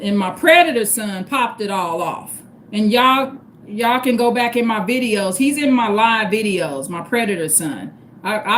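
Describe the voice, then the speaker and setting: A woman's voice: fairly high pitch, fairly bright tone, slight background noise. Blunt, profane middle-aged woman livestreaming. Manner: blunt, profane, addresses viewers as y'all. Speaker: livestream host. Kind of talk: unscripted livestream talk.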